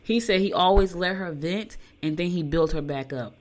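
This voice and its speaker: A chatty older woman with a slightly low voice hosts a casual talk show from her home studio. She reads horoscopes and wanders off into animated stories, laughing along the way. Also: moderate pace. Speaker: radio show host. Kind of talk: casual chat reading horoscopes.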